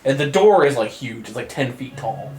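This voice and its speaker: A man's voice: mid-range voice, expressive, normal speed, darkish tone, reverberant, faint music behind. A man running a tabletop game as game master, narrating loosely with lots of fillers and laughter. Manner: loose, rambling, laughs often.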